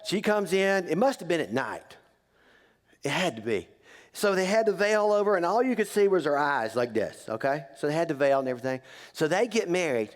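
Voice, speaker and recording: A man preaching as a pastor, telling a story in a joking, conversational way and teasing the congregation. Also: fairly high pitch. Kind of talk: humorous sermon storytelling. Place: church sanctuary. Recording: long reverb of a church hall.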